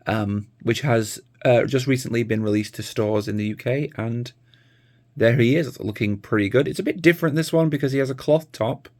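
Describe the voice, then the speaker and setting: A man's voice: mid-range voice, normal speed, a little mellow. A tired man, chatting casually to camera in a rambling, easygoing vlog. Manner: rambling, easygoing, many fillers. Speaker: vlogger.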